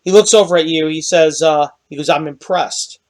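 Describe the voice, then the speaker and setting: A man running a tabletop game as game master, narrating scenes in a halting, descriptive way. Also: a little high, a little mellow, a little hiss or hum. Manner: descriptive, halting, with restarts and quick laughs.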